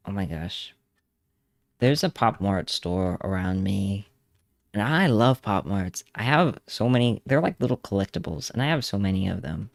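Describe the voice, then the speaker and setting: Gravelly-voiced man in rambling stream chat. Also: fairly low pitch, expressive, normal speed, no room sound, clean studio sound. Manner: rambling, laughing, hums along to songs. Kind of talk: casual livestream chat while drawing.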